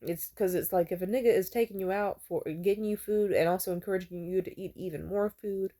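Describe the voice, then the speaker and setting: A woman's voice: mid-range voice, fairly even intonation, fairly quick, dark tone. A young woman telling candid stories in a vlog, frank and profane, and she slips into mocking voices to quote people. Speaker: vlogger. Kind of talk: candid storytelling monologue.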